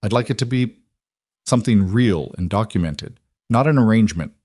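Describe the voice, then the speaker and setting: A man voicing a reserved, careful middle-aged rancher in a storybook reading, halting and earnest. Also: on the low side, animated, dark tone, no room sound, studio quality.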